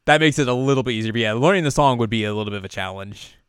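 A man's voice: mid-range voice, rapid-fire, fairly bright tone, smooth, no room sound, studio quality. Young guy chatting thru an anime recap, lots of likes and um, clean resonant voice. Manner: chatty, filler-heavy, laughs often. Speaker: podcast co-host. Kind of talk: casual anime episode recap.

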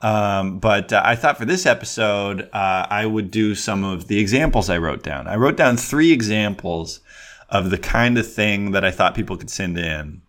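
A man's voice: lowish voice, moderate pace, fairly bright tone. Rambling man hosting a solo podcast. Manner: rambling, self-deprecating, lots of ums and restarts. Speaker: podcast host. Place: at his desk.

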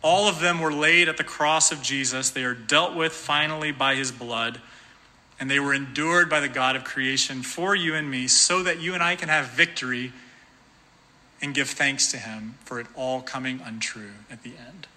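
A man's voice: medium pitch, moderate pace, pushed and bright. A man preaching a sermon as pastor, earnest and emphatic, building to passionate peaks. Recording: long church hall reverb.

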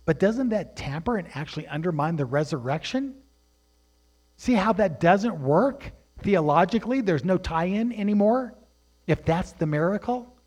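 A man teaching a sermon, asking rhetorical questions and swinging between hushed, drawn-out phrases and loud, emphatic preaching. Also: sits high, expressive.

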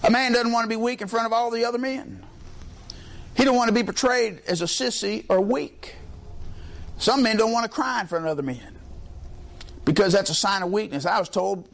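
A man preaching a sermon, impassioned and folksy, climbing to near-shouts. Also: high voice, fairly quick, gravelly, long pauses.

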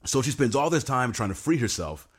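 A man co-hosting a podcast, chatting casually and getting animated and excited, with some swearing. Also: medium pitch, a little fast, slight background noise. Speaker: podcast co-host. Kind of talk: casual chat.

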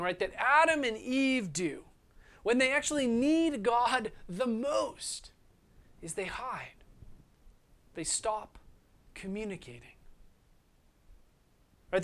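A man preaching a sermon as a pastor. He talks earnestly, keeps checking in with "right?", and sometimes drops to a soft, near-whispered voice. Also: high-pitched.

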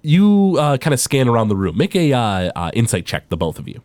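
A man's voice: medium pitch, sing-song, fairly quick, a little mellow, dry recording. A man running a tabletop game as game master, narrating with many hesitant fillers.

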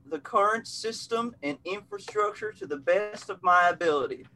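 A man's voice: high-pitched, sing-song, normal speed, gravelly, bright, forceful tone, slight background noise. A man playing a tabletop role-playing game, talking in an earnest, mock-loyal way. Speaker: player. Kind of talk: casual tabletop role-play chat.

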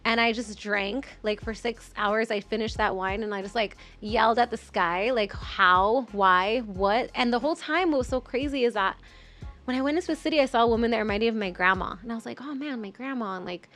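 A woman's voice: a little high, fast, fairly bright tone, faint music behind. A young adult woman telling a long personal story in casual podcast chat, full of "like" and restarts. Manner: rambling, heavy use of "like", emotional retelling.

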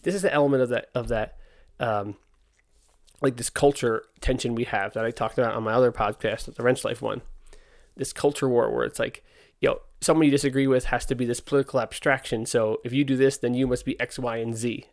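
A man's voice: mid-range voice, steady tone. Exasperated man telling a story. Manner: candid, exasperated, acts out dialogue in quick quotes. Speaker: podcast host, skate park owner. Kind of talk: casual storytelling monologue.

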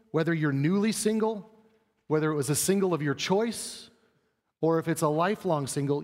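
Male pastor preaching in a reverberant sanctuary. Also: fairly high pitch. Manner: conversational, acts out quoted voices. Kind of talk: sermon. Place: church sanctuary stage.

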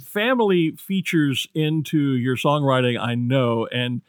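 A man's voice: mid-range voice, expressive, a little slow, clean tone, no echo, clean studio sound. An American man hosting an interview, chatty and friendly, asking questions and telling side stories. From United States. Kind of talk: casual interview.

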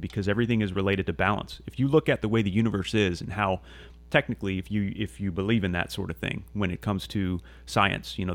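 A man's voice: low voice, no echo. A man talking casually on a podcast, earnest and rambling, with many restarts and fillers. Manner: casual swearing. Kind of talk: casual conversational monologue.

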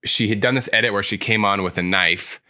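Bright-voiced man chatting about improv. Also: fairly low pitch, brisk. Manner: enthusiastic, lots of likes and restarts. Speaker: improviser and podcast host. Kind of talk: casual podcast chat.

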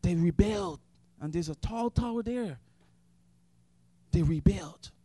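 A man preaches with fervor, his voice sitting very high for a man. He swings from ringing shouts of praise down to low, hushed stretches. The sound is close and dry, with no room around it. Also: takes it slowly, husky, dry recording. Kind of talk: sermon.

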